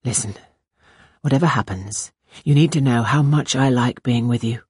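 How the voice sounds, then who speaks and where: Woman doing an anxious young man, earnest and tender, low hushed voice, husky, dry close sound. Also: normal speed, no room sound, heavily acted. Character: anxious young male writer, tender lover.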